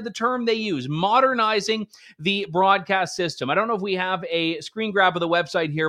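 A man's voice: high voice, a bit bright. A man hosting a political commentary show, delivering a sarcastic, conversational opinion monologue with emphatic asides. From Canada.

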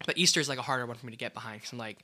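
A man's voice: mid-range voice, racing, bright, forceful tone. A man co-hosting a casual podcast chat, rambling with lots of "like" fillers and frequent laughs. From United States. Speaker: podcast co-host.

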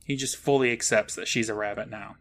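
A man's voice: on the low side, steady tone, a little fast, gravelly, a bit bright. A man co-hosting a podcast, wryly narrating a TV episode beat by beat. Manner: wry, narrating plot beat by beat. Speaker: podcast co-host. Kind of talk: casual episode recap.

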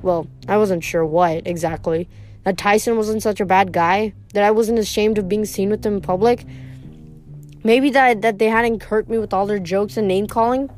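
A woman's voice: mid-range voice, fairly even intonation, moderate pace, a little mellow, soft background music. A woman reading a novel aloud as an amateur audiobook, with frequent slips and restarts. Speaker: audiobook reader.

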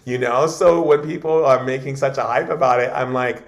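A man's voice: medium pitch, moderate pace, echoey room. A man speaking as a shaman guest in an interview, telling stories casually and often repeating or restarting his words.

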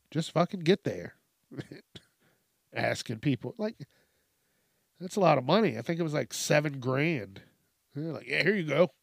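A man riffing on news stories in a rambling comedic rant, cursing often and breaking into laughter. His delivery is slow and unhurried, and his voice sits a little higher than most men's. The sound is dry and close, with no room echo. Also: vocal fry. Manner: profane, ranting, laughs often. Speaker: host.

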